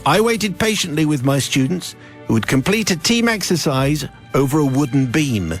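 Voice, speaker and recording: A middle-aged man hosts a radio show and reads a listener's letter aloud with lively storytelling. His voice sits a little high for a man. A faint music bed plays under him. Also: normal speed. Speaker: radio host.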